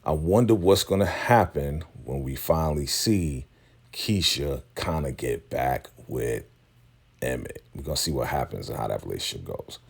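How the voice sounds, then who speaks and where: A man's voice: rumbling low, lively intonation, moderate pace, creaky, slightly rough. A man casually recapping a TV episode, retelling scenes in a loose, conversational way and paraphrasing what the characters say. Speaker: TV recap vlogger.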